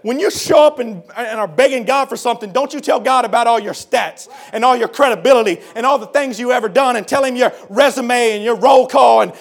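A man preaching a sermon to a congregation, dropping to a hush and rising to shouts, repeating phrases for emphasis. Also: very high voice, a little fast, hardly any pauses.

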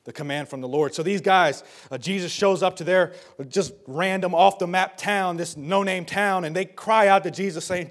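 A man with a high-pitched voice preaches a sermon, drifting down to near whispers and then climbing to full shouts. He hammers points home by saying them twice. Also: normal speed, hardly any pauses. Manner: swings from hushed to shouting, repeats phrases for emphasis.

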